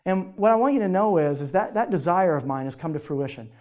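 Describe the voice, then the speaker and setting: Brief: middle-aged male motivational speaker, slightly high voice, animated storyteller who acts out other voices. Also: a little fast. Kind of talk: personal storytelling to a live audience.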